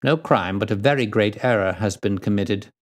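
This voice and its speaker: A calm, kindly detective speaks in a measured, quiet way, as a man plays him. His voice is low and soft. It suits a storybook reading. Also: close to an everyday voice. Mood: firm.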